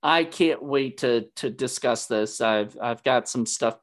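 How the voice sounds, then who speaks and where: A man's voice: medium pitch, measured pace. A man hosting a casual movie discussion, rambling with many fillers and restarts. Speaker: podcast host.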